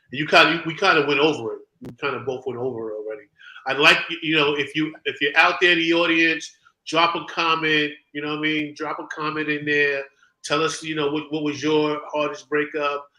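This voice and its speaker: Bright, emphatic man in an echoey room. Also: a little high. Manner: emphatic, frequent affirmations. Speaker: podcast co-host. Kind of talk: casual chat. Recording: roomy echo.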